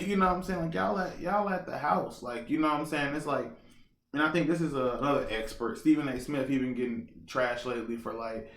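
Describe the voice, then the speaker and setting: A man hosting a casual solo podcast, talking in an animated, repetitive, slangy way and often checking in with the listener. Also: medium pitch, fairly quick, echoey room. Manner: animated, repetitive, slangy, keeps asking "you know what I'm saying". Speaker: podcast host.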